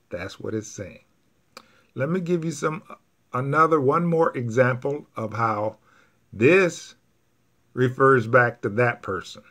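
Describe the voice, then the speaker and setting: A man's voice: mid-range voice, animated, slow pace, fairly bright tone. A man teaching Spanish grammar to a class, patiently repeating each point step by step.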